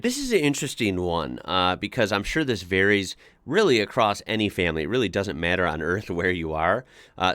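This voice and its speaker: A man's voice: on the low side, a bit bright, dry recording. A man from the United States hosting a casual online reaction video, reading forum posts aloud and chatting about them with many filler words. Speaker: YouTube reaction host.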